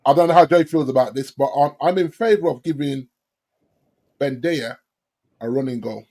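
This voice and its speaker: A man co-hosting a football podcast who talks in animated bursts and stammers as he gets going. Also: mid-range voice, moderate pace. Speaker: podcast co-host. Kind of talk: casual football chat.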